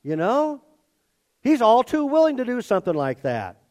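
A man's voice: very high voice, moderate pace. A man preaching a conversational sermon and acting out the characters in his story. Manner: expressive, conversational, acts out characters. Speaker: pastor.

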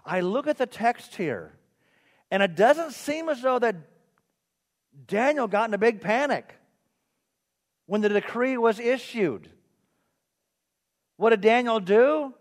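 A pastor preaches in a higher-pitched man's voice to a church. He fires questions at his listeners and chats with them, and he pokes fun at himself. A long reverb of the hall follows him. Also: expressive, slow pace, pauses often. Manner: questioning, conversational, self-mocking. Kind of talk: sermon.

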